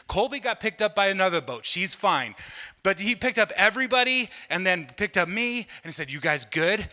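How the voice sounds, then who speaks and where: A middle-aged man doing stand-up, telling a chatty, self-mocking story that builds to loud bursts. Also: high-pitched. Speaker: stand-up comedian. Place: church hall. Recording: live room with long reverb.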